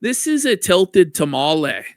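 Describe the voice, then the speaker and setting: Excitable high-pitched man mocking a clip. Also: measured pace. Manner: loud, excitable, mock-sobbing and swearing. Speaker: stream co-host. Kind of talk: mocking commentary on a video clip.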